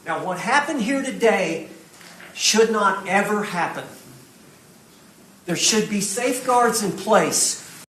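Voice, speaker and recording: Male lawyer in court, high voice, picked up from afar in a reverberant room. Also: expressive, slow, long pauses, fairly bright tone, a little hiss or hum. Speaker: defense attorney. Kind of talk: courtroom argument. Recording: echoey courtroom feed, mic far off.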